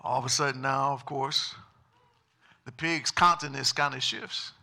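A man's voice: mid-range voice, steady tone, measured pace, gravelly, bright, forceful tone. A male pastor preaching a sermon emphatically and calling on the congregation to respond.

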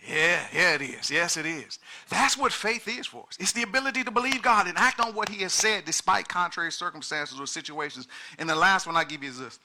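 A male pastor preaching a sermon, swinging from quiet, low passages to shouted peaks and urging the congregation on with repeated exhortations. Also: fast, few pauses.

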